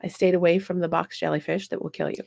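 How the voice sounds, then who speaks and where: A woman hosting a casual talk show, chatting and telling travel stories in an animated way. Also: lowish voice, quick pace, vocal fry, no echo. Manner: chatty, animated storytelling with frequent laughs. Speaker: podcast host. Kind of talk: casual chat.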